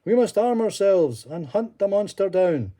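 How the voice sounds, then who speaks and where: An older woman voicing a crowd of frightened, angry villagers in a storybook reading, shouting urgently. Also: medium pitch, animated, a little slow, voice pushed up, close to an everyday voice. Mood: alarmed.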